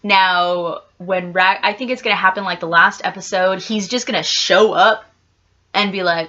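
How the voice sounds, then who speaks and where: A woman's voice: medium pitch, fairly even intonation, measured pace, pushed and bright, muffled recording. A woman vlogger chatting casually to camera, rambling with lots of "like" and the odd casual swear.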